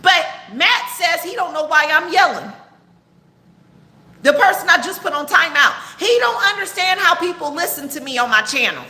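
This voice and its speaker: Loud emphatic woman preaching, echoey room. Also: extremely high pitch, animated, normal speed. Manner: loud, emphatic, yelling at times. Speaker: online preacher. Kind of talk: livestream sermon. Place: apartment.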